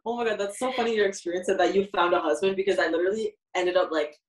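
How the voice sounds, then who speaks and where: A young woman co-hosting a podcast, reacting with quick laughs and interjections. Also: fairly low pitch, steady tone. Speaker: podcast co-host. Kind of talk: casual chat.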